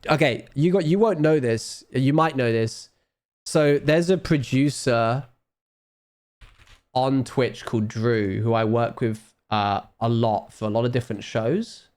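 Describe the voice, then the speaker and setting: A man chats on a live stream in a loose, rambling way, often trailing off and poking fun at himself. He is ill and drained, and his voice sits at an ordinary mid pitch. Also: a little slow, darkish tone. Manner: rambling, self-mocking, trailing off. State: ill, low on energy. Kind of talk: casual chat.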